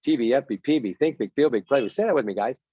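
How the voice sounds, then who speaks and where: A man's voice: medium pitch, lively intonation, fast talker, breathy edge, no echo, highs cut off. Punchy man coaching a baseball team. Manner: punchy, repetitive, has players chant mantras. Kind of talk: motivational team talk.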